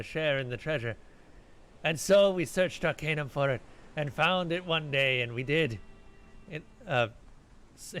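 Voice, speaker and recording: A man's voice: medium pitch, fairly bright tone, close to an everyday voice. A man voicing a boastful old pirate ghost. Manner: salty pirate talk with "matey" and "me crew". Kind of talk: reading game dialogue aloud in character.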